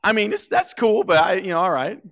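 In a church sanctuary, a man with a high-pitched, fairly bright voice preaches a sermon to his congregation, animated and brisk. He tells the story playfully, acting out the characters' lines and laughing often.

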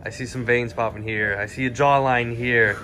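Bright-voiced upbeat sidekick man. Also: mid-range voice, fairly even intonation, normal speed. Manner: upbeat, agreeable backup.

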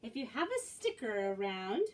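A woman's voice: on the high side, sing-song, moderate pace. A woman librarian leading children's music and movement, singing action songs in a sing-song, encouraging way. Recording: voice distant from the mic.

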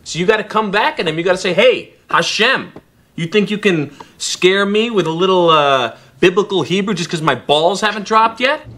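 An actor playing a blunt, coaxing rabbi giving a pep talk. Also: male voice, high voice, expressive, normal speed, fairly bright tone. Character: blunt, pep-talking young rabbi tutor.

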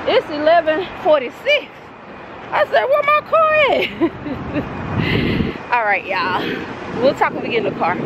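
A woman, chatting excitedly and emotionally in a casual vlog, filmed on a phone held in her hand. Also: high voice, dull audio, very noisy. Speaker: vlogger. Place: store, then parked car.

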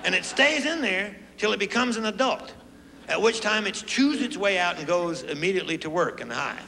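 A man's voice: sits high, a little fast. A middle-aged man doing a stand-up comedy routine on a club stage, acting out voices as he tells his stories. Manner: animated, acts out voices. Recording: roomy live club recording with crowd and noise. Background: laughing audience.

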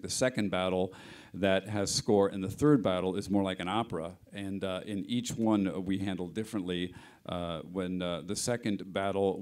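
A man's voice: sits low, darkish tone. A middle-aged man, a film sound mixer, explaining his work at a panel interview, hesitant with many restarts.

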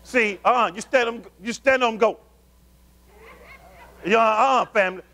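High-voiced male preacher calling out. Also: normal speed. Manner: call-and-response preaching, asking the congregation questions; swings between loud emphatic calls and low murmurs. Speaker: pastor. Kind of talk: sermon.

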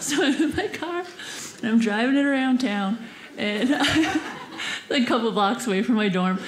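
A woman's voice: on the high side, expressive, moderate pace. A young woman telling a stand-up story in a giggly, bubbly way, acting out the voices of the people in it. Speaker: stand-up comedian. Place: comedy club stage. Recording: roomy club sound with audience.

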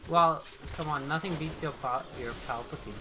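A man chatting casually during a co-op game, dropping quick quips. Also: on the high side. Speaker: gamer on a co-op session. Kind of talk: casual gaming chat. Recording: noisy background.

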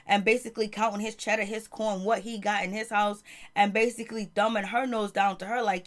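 A woman reviewing TV recaps a reality show episode casually and in slang, acting out quotes in different voices as she retells scenes. Her mid-range voice holds a steady tone, and she speaks briskly.

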